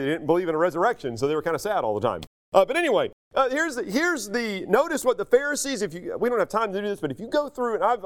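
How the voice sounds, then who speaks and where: A high-pitched man preaching a relaxed, conversational sermon. He teaches in a loose, chatty way, full of fillers and asides, and his pitch swings widely, dropping low for jokes and side remarks. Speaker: pastor.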